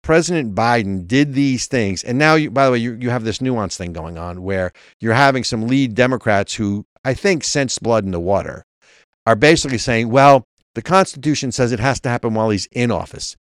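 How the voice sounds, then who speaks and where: A man's voice: medium pitch, animated, fairly quick, no room sound, clean studio sound. A man co-hosting a political talk show, arguing emphatically and reading legal text aloud. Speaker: co-host.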